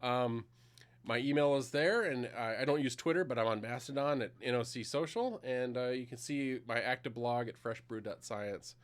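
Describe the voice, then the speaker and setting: A middle-aged man gives a conversational technical conference talk with a live demo, explaining things plainly with some fillers. His voice is medium-pitched and moderately paced.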